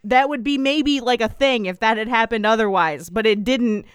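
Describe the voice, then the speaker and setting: A woman's voice: fairly high pitch, moderate pace, clear, resonant tone, no room sound, clean studio sound. A woman co-hosting a casual podcast, recapping a TV episode, swearing freely and acting out the scenes in quoted voices. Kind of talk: casual chat.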